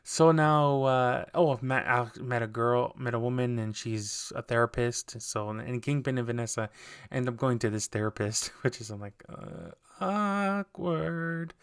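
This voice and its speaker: A man's voice: mid-range voice, steady tone, normal speed, clear, resonant tone. A man hosting a podcast, recapping TV episodes in a loose, rambling way with lots of fillers and restarts. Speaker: podcast host.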